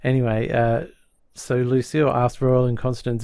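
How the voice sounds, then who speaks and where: A man's voice: mid-range voice, level tone, dark tone, smooth, dry recording, clean studio sound. A man chatting casually as a podcast co-host, retelling a sitcom episode and acting out the characters' lines. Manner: acts out characters' lines in quick impressions.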